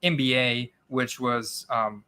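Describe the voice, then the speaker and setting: A man's voice: medium pitch, fairly even intonation, slow pace, sharp tone. A man hosting a casual live-stream chat, rambling and stacking asides with "you know". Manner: rambling, stacks asides with 'you know' and 'uh'.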